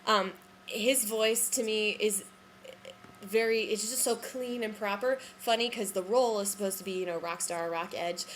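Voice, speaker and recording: A woman's voice: medium pitch, normal speed, slight background noise. Chatty woman musing over recordings. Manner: chatty and musing, with frequent ums and self-corrections; unsure, hedging her opinions. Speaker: vlogger reviewing musical theatre recordings. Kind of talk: casual commentary.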